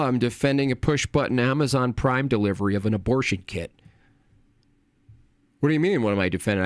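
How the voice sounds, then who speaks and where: A man hosting a late-night livestream, ranting and rambling with heavy swearing and often trailing off into low mutters. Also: no echo, clean studio sound. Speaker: livestream host.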